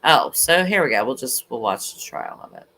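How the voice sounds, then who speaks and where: A woman hosts a true crime livestream in a loose, chatty way. She rambles and restarts often, and her voice sounds bright and clear. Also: rumbling low, normal speed. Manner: rambling, animated, with frequent restarts. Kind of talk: casual chat.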